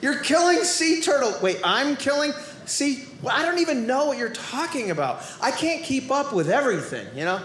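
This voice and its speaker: A man with a Boston accent doing a stand-up comedy routine on stage, playful and animated, now and then shouting asides and then dropping quiet. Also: very high-pitched, normal speed, slight background noise. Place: comedy club stage before a live audience. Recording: roomy live stage recording.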